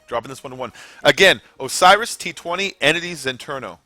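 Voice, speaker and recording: Young American male streamer, casual rambling commentary, bright tense tone, light music under. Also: a little high, expressive, fairly quick, no room sound. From United States. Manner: chatty, rambling, laughs at own jokes. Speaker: streamer hosting game lobbies. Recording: faint background music.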